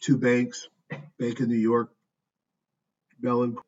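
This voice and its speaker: A man's voice: medium pitch, completely flat delivery, takes it slowly, a little mellow. Man casually reviewing stock charts, distant mic. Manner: offhand, thinking aloud with fillers. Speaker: stock market commentator. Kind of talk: casual screen-share market review. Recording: dull distant mic with faint noise.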